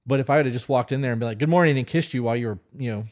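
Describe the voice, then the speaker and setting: A man's voice: medium pitch, fairly even intonation, very fast, crowd noise. A man co-hosting a relationship podcast, talking bluntly and casually, swearing freely and often restarting his words. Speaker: podcast co-host.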